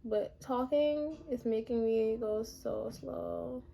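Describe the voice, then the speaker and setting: A young woman with a hoarse voice, chatting casually and a little self-deprecatingly while walking through her makeup routine. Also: a little high, slow, warm tone. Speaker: makeup vlogger. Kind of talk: casual makeup tutorial chat.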